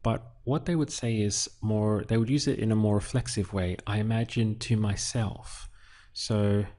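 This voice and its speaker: A man teaching Spanish, calmly working through a translation step by step and thinking aloud with small pauses. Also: lowish voice. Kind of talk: unhurried lesson walkthrough while writing.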